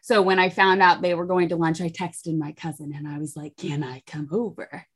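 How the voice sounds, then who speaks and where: A woman's voice: on the low side, steady tone, brisk. Young woman telling gossipy stories. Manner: gossipy storytelling, acts out quoted voices. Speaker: podcast co-host. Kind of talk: casual chat.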